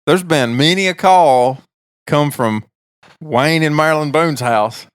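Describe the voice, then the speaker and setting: A man, co-hosting a podcast in laid-back casual chat with short replies and quick jokes. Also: on the high side, smooth, dry recording, studio quality. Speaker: podcast co-host.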